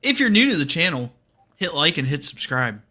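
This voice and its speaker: Bright-voiced man giving shout-outs. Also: a little high, very animated, normal speed. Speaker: co-host reading donations. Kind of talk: casual stream chat.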